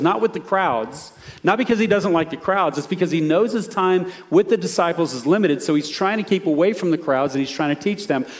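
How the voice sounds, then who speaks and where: A male pastor preaching a conversational sermon, dropping soft and low for his appeals.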